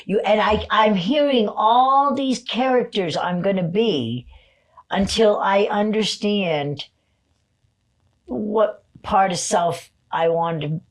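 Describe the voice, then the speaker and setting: Woman in her sixties, hushed to loud. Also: mid-range voice, expressive, slow. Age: 60s. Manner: swings from hushed to loud, swearing outbursts. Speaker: guest psychic. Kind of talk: casual podcast storytelling.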